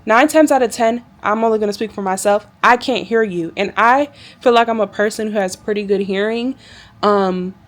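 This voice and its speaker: A woman's voice: mid-range voice, normal speed. A woman flight attendant telling a work story to her viewers in a chatty, exasperated vlog style.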